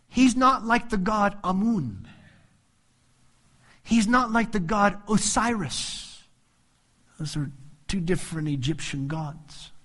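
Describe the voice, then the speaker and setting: A man with a fairly high voice delivers an animated sermon. He walks through a Bible passage verse by verse and drops into playful voices for the people he quotes. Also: slightly rough. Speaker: pastor.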